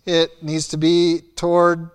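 Pastor guy preaching, blunt, kinda high voice, big reverb from the church hall. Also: completely flat delivery, takes it slowly, clear, resonant tone. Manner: blunt, emphatic preaching that swings between loud and soft. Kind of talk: sermon.

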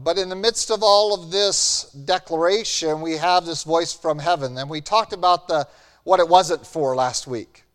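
High-voiced pastor preaching in a reverberant hall. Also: male voice, clear, resonant tone. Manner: earnest, rising to animated emphasis. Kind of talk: sermon.

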